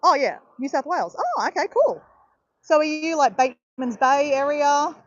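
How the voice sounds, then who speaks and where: A woman's voice: high voice, sing-song, normal speed, no room sound, dull audio. An Australian woman hosting a casual livestream, chatting with viewers in a rambling, encouraging way full of fillers. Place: outdoors in southeast Queensland.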